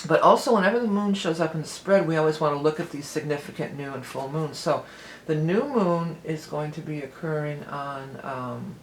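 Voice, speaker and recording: Rambly woman doing a tarot reading, laughs a lot, roomy echo. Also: deep voice. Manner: chatty, rambling, laughs often. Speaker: tarot reader. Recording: echoey room, faint background noise.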